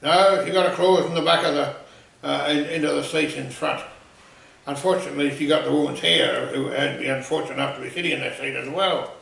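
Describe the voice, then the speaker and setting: A man telling a comic anecdote in a rambling, animated way. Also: fairly high pitch, fairly quick, creaky. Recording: echoey room, voice far from mic.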